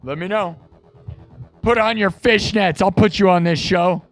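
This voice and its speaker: A livestream host and musician chats casually on stream, his male voice sitting high with vocal fry and a measured pace. He teases and rants, and the sound is dry and close with no room sound.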